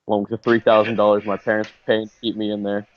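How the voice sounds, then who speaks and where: A man's voice: lowish voice, completely flat delivery, fast talker, lo-fi sound. A man hosting a podcast, telling a story in a rambling, profane, casual way with lots of fillers. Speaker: podcast host.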